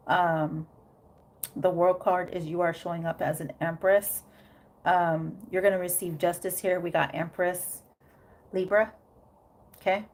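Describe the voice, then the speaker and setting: A woman's voice: fairly low pitch, darkish tone. Woman doing a rambling tarot reading. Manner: loose, thinking aloud with many fillers; checks in with frequent "okay?". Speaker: tarot reader.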